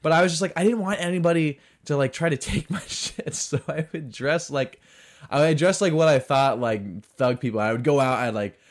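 A man's voice: a little high, normal speed. A man hosting a podcast, talking in a rambling, sarcastic way, full of "like" fillers, in a casual comedic monologue. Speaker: podcast host.

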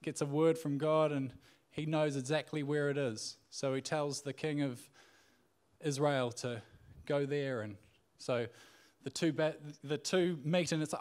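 A man's voice: on the high side, steady tone, unhurried, a little mellow. Casual man preaching, loose and conversational. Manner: conversational, with frequent fillers and restarts. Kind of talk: casual sermon retelling a Bible story.

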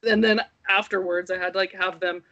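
A woman in her thirties, a podcast co-host, telling a funny story in casual chat with lively quoted voices. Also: on the low side, fairly quick.

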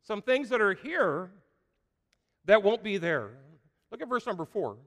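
A man's voice: high voice, very animated, a little slow, long pauses, fairly bright tone. A middle-aged man preaching a sermon as pastor, with emphatic repeated phrases and frequent "uh" fillers. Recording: long hall reverb.

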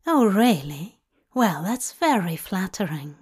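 A woman's voice: medium pitch, very animated, takes it slowly, darkish tone, breathy edge, full character voice. A woman reading a story aloud and voicing a polite, fussy male audiobook narrator with old-fashioned phrasing. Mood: courteous.

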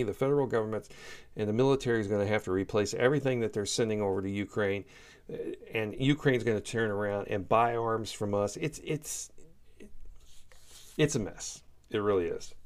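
Heated man ranting. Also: fairly low pitch. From United States. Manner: heated, emphatic, repeats himself. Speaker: political commentator. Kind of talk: opinionated solo commentary.

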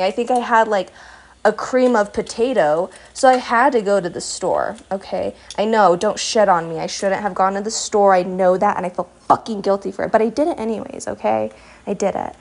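A woman's voice: mid-range voice, moderate pace. A young woman rambling through a profane, self-mocking storytime while she cooks breakfast in her kitchen. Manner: chatty, profane, self-deprecating. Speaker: vlogger. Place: home kitchen.

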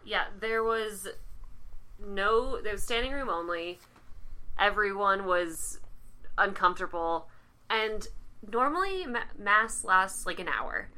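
A woman's voice: mid-range voice, lively intonation, slow, bright, forceful tone. A young woman co-hosting a casual chat, opinionated and impassioned, often laughing. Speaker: podcast co-host.

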